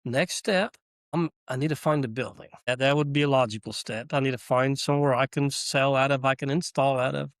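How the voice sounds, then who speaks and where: A man who runs a small business, telling his story in a casual podcast interview, animated and chuckling as he acts out dialogue. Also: mid-range voice, a little fast, no room sound, studio quality.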